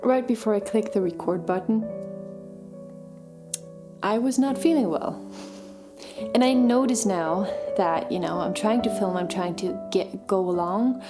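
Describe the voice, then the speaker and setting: A woman's voice: medium pitch, a little slow. Woman vlogger, casual self-deprecating chat, camera mic in a living room, music underneath. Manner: chatty, self-deprecating, laughs often, talks to her puppies. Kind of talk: casual vlog narration. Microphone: camera mic, moved around.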